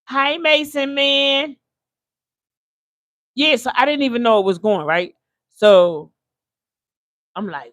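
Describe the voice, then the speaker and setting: An older woman livestreams from her home kitchen, chatting casually while she cooks; she is a chatty, slangy storyteller who laughs often. Her voice is medium-pitched and animated, with a slow pace and long pauses, on a dry recording.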